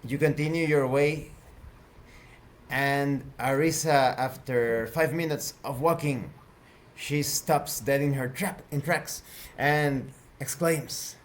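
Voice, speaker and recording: Male game master, unhurried descriptive narration. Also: mid-range voice, slight background noise.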